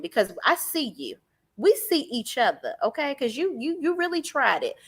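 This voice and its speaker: A woman talks straight to her viewers, recapping reality TV. She is sassy and profane and mocks the cast without holding back. Her pitch leaps around with a lot of life. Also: a bit bright. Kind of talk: unscripted live recap.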